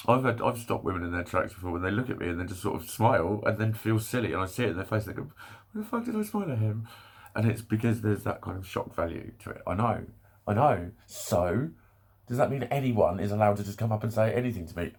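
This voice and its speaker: Husky-voiced English man ranting and swearing. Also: on the low side. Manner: sweary, exasperated, laughs between points. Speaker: vlogger. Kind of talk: ranting monologue.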